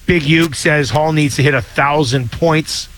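A man's voice: a little high, measured pace, fairly bright tone, rough recording. A man hosting a casual sports radio show, joking, laughing often and reading out ads and listener texts.

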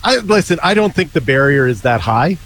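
Animated sports radio co-host. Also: male voice, fairly high pitch, fairly quick, poor audio. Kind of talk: casual sports radio chat.

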